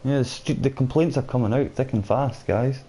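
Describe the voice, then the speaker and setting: A man's voice: mid-range voice, normal speed, mellow. A man casually chatting with viewers while streaming a game, reading out their comments as he plays. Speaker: gaming streamer. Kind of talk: casual live-stream chat.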